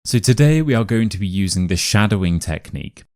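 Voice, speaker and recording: A man with a modern RP English accent leads a pronunciation lesson, spelling out each word with clear, deliberate care. His voice sits very low. The recording is dry and close, with no room sound. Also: animated, darkish tone, no echo. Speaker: accent teacher.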